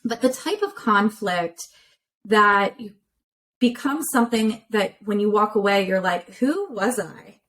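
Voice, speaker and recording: Over a remote call, a woman relationship therapist guesting on a podcast explains ideas clearly in a conversational interview, leaning on many everyday examples. Her pitch is medium, her pace measured, and her tone sharp. The recording is rough.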